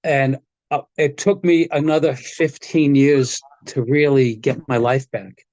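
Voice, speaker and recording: A man's voice: medium pitch, steady tone, unhurried, a little mellow, no room sound, highs cut off. An older man, a guitar technician, telling rambling stories in casual chat, often chuckling and restarting his sentences.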